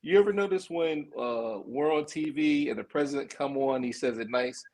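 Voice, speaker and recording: An older man co-hosting a casual podcast, animated, laughing and acting out quotes. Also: mid-range voice, normal speed, hardly any pauses.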